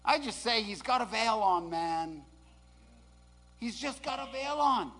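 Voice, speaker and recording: A man preaching a sermon in a high, bright voice. He moves slowly through his points, sinking into quiet, hushed asides and then climbing into shouted declarations. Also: lively intonation.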